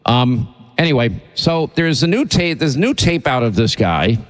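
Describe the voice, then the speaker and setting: A man's voice: mid-range voice, sing-song, measured pace, long reverb tail. A man hosting a talk radio show, delivering an indignant, rambling opinion monologue full of restarts.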